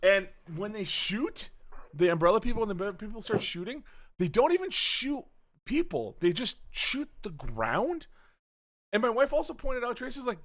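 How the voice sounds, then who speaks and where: A young man with a bright, fairly high voice that swings widely in pitch. He recaps a film in loose, profane chat, joking and restarting his sentences as he goes. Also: moderate pace. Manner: animated, profane, jokey storytelling with frequent restarts. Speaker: podcast host recapping a movie. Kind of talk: casual chat.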